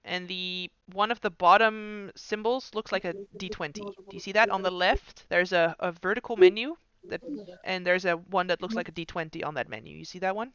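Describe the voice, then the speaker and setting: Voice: mid-range voice, a little fast, hardly any pauses, bright, forceful tone, clear, resonant tone, no echo, muffled recording. A game master patiently talking players through an online tabletop game over a computer mic.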